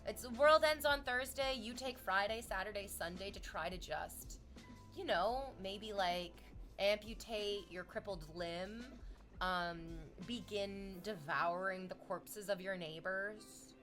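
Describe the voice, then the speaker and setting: A woman streaming, reading chat aloud and chatting casually in an animated, exclamatory way that drifts into tangents. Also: mid-range voice, slow pace, faint music behind.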